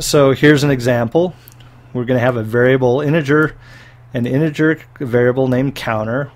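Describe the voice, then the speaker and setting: Male lecturer, mid-pitched voice, patient step-by-step explaining, frequent okays. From United States. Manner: explanatory, frequent "okay" checks. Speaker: university lecturer. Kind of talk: recorded programming lecture.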